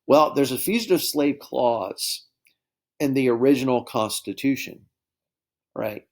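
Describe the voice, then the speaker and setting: A man teaching a history lesson in a relaxed, conversational way, often checking in with his students. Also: mid-range voice, measured pace. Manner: conversational, keeps addressing students as guys with frequent okay and right checks. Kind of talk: classroom lecture.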